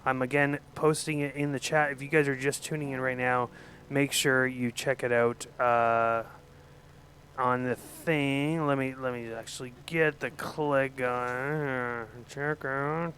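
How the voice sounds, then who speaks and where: A man's voice: medium pitch, fairly even intonation, unhurried, fairly bright tone, a little hiss or hum. A man hosting a live-streamed music show, joking around and urging viewers into the chat. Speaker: livestream music show host.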